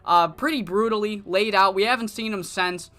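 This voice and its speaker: A woman's voice: medium pitch, normal speed, fairly bright tone. A woman streamer casually narrating a wrestling management game. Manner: casual, swearing, chatty.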